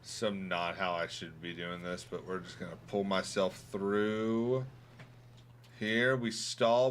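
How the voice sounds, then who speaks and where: Streamer, male, low voice, wisecracking casual chat. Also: fairly bright tone, slight background noise. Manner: joking, chatty asides to chat. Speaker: livestreamer playing a trucking game. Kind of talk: casual gaming livestream chat.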